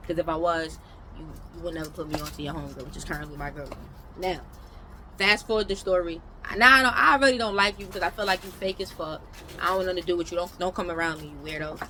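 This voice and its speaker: A young woman from New York telling a casual storytime, animated, with loud outbursts and mumbled asides. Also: lowish voice, quick pace, noisy background.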